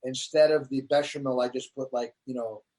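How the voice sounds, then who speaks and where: A man's voice: medium pitch, fairly quick. A man, a comedian guest in an interview, telling stories in casual chat and acting out quotes. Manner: animated storyteller, acts out quotes.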